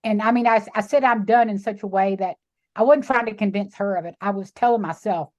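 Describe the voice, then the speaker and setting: A middle-aged woman with a Texan accent tells her story in an emphatic, animated way and acts out the voices of the people in it. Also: medium pitch, fairly quick. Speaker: guest, sanctuary founder. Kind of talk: emotional storytelling interview.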